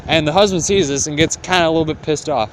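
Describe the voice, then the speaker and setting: A man's voice: fairly high pitch, quick pace, noisy background. A young man retelling a classic tale in casual, profane slang, rambling with lots of fillers.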